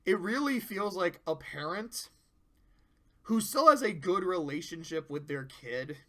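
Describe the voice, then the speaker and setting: A young man casually reviewing a cartoon episode, talking in a loose, animated way and swearing freely. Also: high voice, unhurried.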